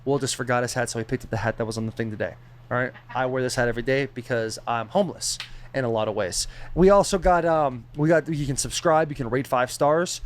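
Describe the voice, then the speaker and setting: A man co-hosting a podcast, delivering loud, joking, rambling banter and promos. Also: medium pitch, quick pace. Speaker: podcast co-host.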